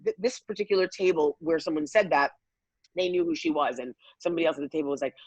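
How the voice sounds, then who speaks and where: Woman guest, animated storytelling, husky voice, dry close sound. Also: deep voice, quick pace, dry recording, lo-fi sound. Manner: lively, acts out quotes, many fillers.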